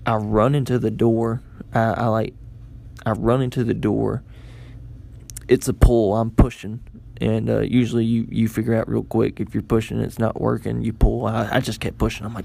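A man's voice: on the low side, level tone, normal speed, creaky, mellow. A young man telling a personal story in a casual, self-mocking way, rambling with frequent restarts.

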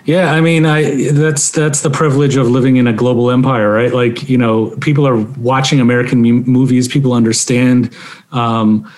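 A young man from Maryland, speaking in a halting, reflective conversational way with many fillers and restarts. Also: medium pitch, level tone, a little mellow. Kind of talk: conversational interview.

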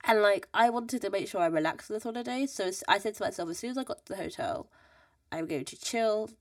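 A young woman, hosting a podcast and telling stories in a casual, animated way, acting out the people she meets and laughing often. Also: mid-range voice, a little fast, no room sound. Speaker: podcast host. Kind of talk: casual storytelling chat. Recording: dry, slightly distant mic.

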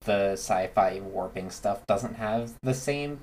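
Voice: low voice, takes it slowly, a little mellow, poor audio. A podcast co-host chatting casually, with loose filler-laden phrasing. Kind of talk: casual chat.

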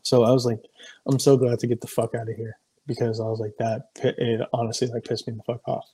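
A man's voice: medium pitch, level tone, fairly quick, dark tone, breathy edge, no room sound. A young man co-hosting a casual podcast, telling stories in a heated, profanity-heavy way. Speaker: podcast co-host. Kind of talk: casual chat.

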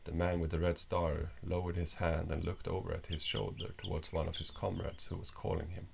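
A man reading a story aloud as narrator, in a slow, measured way. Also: deep voice, flat delivery, vocal fry, slight background noise.

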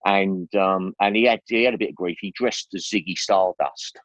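Older bloke, very low voice, rambling anecdotes, slangy, dry lo-fi sound. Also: male voice, moderate pace, dry recording. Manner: chatty, with many restarts and slang. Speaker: guest. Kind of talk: rambling casual storytelling. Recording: dry, dull lo-fi recording.

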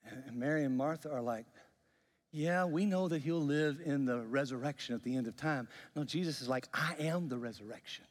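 A male pastor delivers a sermon with animated storytelling, slipping into the voices of the people he quotes. His voice sits a little high for a man and rings out with a long hall reverb. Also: a little fast.

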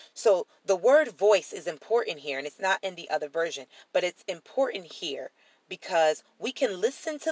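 Woman, Bible study teacher, low pitch, dry recording, reads and explains scripture, asks "right?". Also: a bit bright, dry recording, rough recording.

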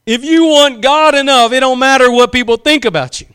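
A man's voice: very high-pitched, brisk, pushed and bright, clean tone. A man preaching a sermon, impassioned, drawing out key phrases for emphasis and acting out quotes.

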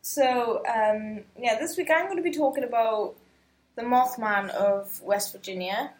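A woman's voice: on the high side, a little slow. A young woman co-hosting a podcast in casual, giggly chat. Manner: giggly, easygoing. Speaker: podcast co-host. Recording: roomy echo.

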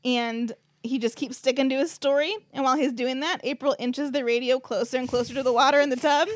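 A woman's voice: high voice, steady tone, fairly quick. A woman host casually recapping a movie plot, telling it as a chatty story full of "like" and freely swearing. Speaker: podcast host.

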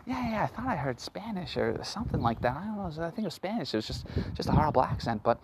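A man imitating a passive-aggressive sixty-year-old male bar regular with a Boston accent, voiced higher and quieter than his own talk. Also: big pitch swings, fast talker. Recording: noisy background hiss.

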